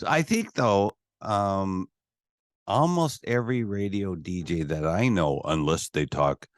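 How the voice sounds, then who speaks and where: A man hosting a casual radio interview, enthusiastic and expressive, often laughing. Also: low-pitched, takes it slowly, no echo, studio quality. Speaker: radio show host.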